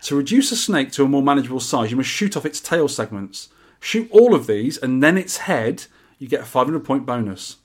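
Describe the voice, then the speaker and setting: A man's voice: mid-range voice, very animated, fairly quick. Man casually explaining arcade rules. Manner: explains game rules in a laid-back, joking way. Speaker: podcast host. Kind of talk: casual podcast chat.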